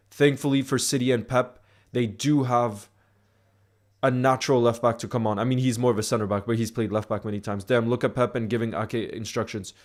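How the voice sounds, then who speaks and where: A man hosting a live football watchalong stream, talking in a loose, chatty way. He rambles, trips over words and restarts often, at a mid-range pitch.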